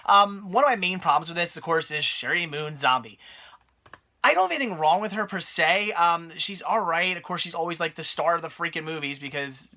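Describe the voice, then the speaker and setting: A man's voice: on the high side, lively intonation, a little fast, bright, forceful tone. A man giving a casual, rambling spoken movie review, full of fillers and restarts.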